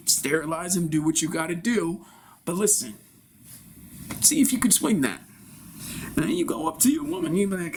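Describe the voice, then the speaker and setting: A man improvising a brash, crude male barbershop regular who lectures bossily and talks fast. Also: high voice, slight background noise. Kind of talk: improvised comedy scene.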